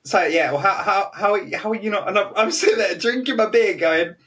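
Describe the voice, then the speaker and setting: A young British man with a fairly high voice spins a rambling anecdote, stuffed with fillers and quoted voices. He laughs his way through it. He sits a little back from the microphone. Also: a little fast, a bit bright. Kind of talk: casual anecdote telling. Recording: voice a bit distant from the mic.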